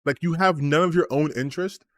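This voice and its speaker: A man's voice: fairly high pitch, brisk, a bit bright, dry recording. Exasperated, sarcastic male streamer ranting. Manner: sarcastic, exasperated, swears freely. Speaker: gaming streamer. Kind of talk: ranting commentary on comments.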